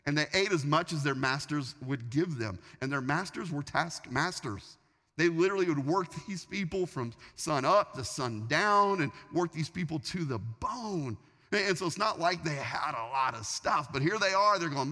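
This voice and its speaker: A man delivers a sermon with an animated storyteller's flow, stumbling over and restarting his sentences. His voice is bright and forceful and swings widely up and down in pitch. The sound carries the long reverb of a large hall. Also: moderate pace. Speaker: pastor.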